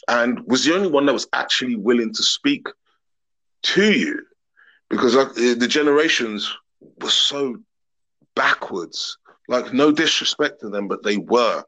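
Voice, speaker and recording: A lowish, slightly bright voice belongs to this man from England, heard on a low-quality recording. As a podcast guest in open, casual conversation, he shares long reflective thoughts openly and earnestly.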